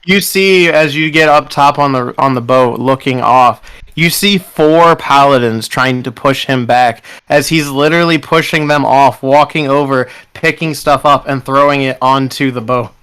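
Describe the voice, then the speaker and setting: A man narrating a tabletop game as its game master, in casual, descriptive narration. His voice is bright and forward, with a smooth, clear tone. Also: medium pitch, moderate pace, low-quality recording.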